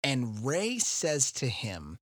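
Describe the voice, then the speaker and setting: A man's voice: mid-range voice, huge pitch swings, slow, a bit bright, no room sound. Chatty man recapping a book, dry sound. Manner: wry, chatty, recaps with asides. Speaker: podcast host. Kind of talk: casual book discussion.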